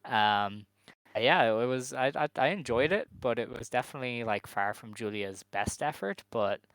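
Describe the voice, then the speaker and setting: A man's voice: medium pitch, moderate pace, fairly bright tone, no echo. Laid-back man recapping, dry sound. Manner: laid-back, recaps events, light laughs. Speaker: podcast co-host. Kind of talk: casual wrestling review chat.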